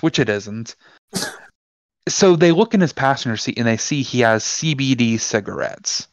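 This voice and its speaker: A man co-hosting a casual podcast, telling animated stories and acting out the back-and-forth of the people in them. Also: medium pitch, normal speed, no echo. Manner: animated storyteller, acts out quoted exchanges. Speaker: podcast co-host. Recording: dull lo-fi sound, dry.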